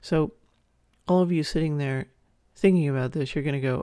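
Woman in her 40s on her podcast, gravelly, dry close mic, frank and chatty. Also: low voice, moderate pace, warm tone, no room sound. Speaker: podcast host. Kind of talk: candid solo podcast talk.

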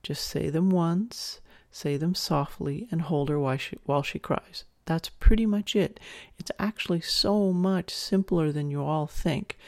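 Hosting her own podcast, a woman in her forties talks candidly and chattily at a normal speed, her voice sitting low as she gives instructions. The recording is dry and clean, with studio sound.

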